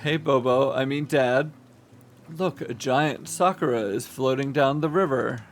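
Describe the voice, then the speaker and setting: A man voicing an excited, playful young farmer's daughter in a game. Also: mid-range voice, measured pace, faint music behind, natural voice. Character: cheery young farm daughter, eager.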